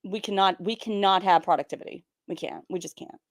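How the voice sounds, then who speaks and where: A woman's voice: mid-range voice, fairly even intonation, brisk, no room sound. Dry, sarcastic woman stream host. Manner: sarcastic, drawling, chatty with viewers. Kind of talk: casual live-stream commentary.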